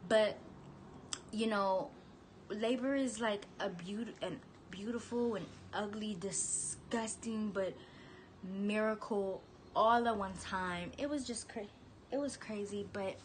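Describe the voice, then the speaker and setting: A woman's voice: mid-range voice, takes it slowly, slight background noise. A young woman telling her birth story in a candid, chatty vlog, now and then cooing at her baby. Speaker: vlogger, new mother.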